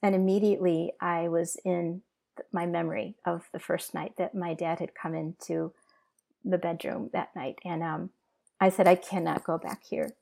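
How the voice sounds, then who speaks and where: A woman giving an emotional personal testimony as an interview guest, talking earnestly and halting with restarts. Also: on the low side, level tone, vocal fry, mellow.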